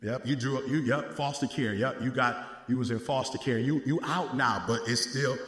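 A man preaching a sermon in call-and-response style, climbing into shouted peaks and dropping back to quick asides to the congregation. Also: medium pitch. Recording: echoey hall, roomy.

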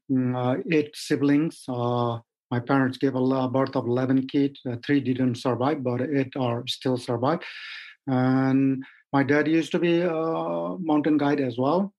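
A man in his fifties from Nepal answers interview questions as a mountaineer guest. He speaks haltingly, with many fillers and plain, simple phrasing. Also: medium pitch, highs cut off.

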